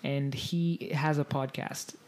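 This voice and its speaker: A woman's voice: a bass voice, fairly even intonation, slow pace, a little mellow. A woman co-hosting a podcast in casual chat, laughing often and shrieking when amused. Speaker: podcast co-host.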